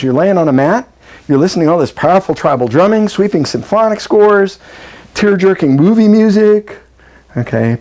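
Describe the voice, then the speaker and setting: A middle-aged man lectures a workshop group in a lively, joking way, slipping into the quoted voices of frightened children and upset spouses. His voice sits a little high for a man. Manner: animated, acts out quoted voices, jokey asides. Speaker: breathwork workshop presenter.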